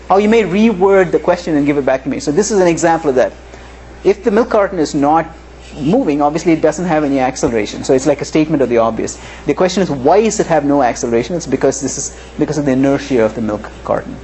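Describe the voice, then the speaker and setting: A man's voice: on the high side, mellow. A man teaching a live physics class in a lecture hall, talking conversationally and often checking in with "right?". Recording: faint room noise in a lecture hall.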